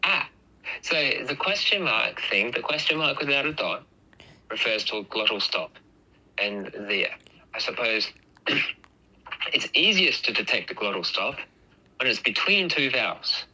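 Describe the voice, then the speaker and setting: Bright-voiced man explaining sounds patiently. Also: mid-range voice, big pitch swings, measured pace, long pauses, breathy edge, poor audio. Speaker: host. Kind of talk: casual explanatory chat.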